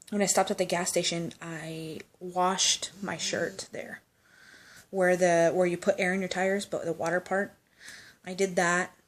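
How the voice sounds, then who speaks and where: A woman casually telling a personal anecdote, chatty and loose, with swearing and laughing asides. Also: fairly low pitch. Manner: chatty storytelling, swears, laughs, acts out quotes.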